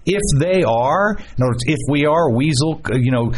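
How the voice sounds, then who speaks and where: A man hosting a radio talk show, casual political talk with animated, repetitive delivery and jokey asides. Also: a little high, moderate pace, a little hiss or hum.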